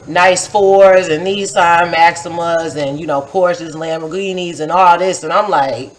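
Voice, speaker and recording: A woman's voice: fairly low pitch, a little slow, hardly any pauses, poor audio. A woman of about forty telling a personal story in a casual, chatty way, full of "like" and "you know," who acts out her own past remarks. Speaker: poet and vlogger.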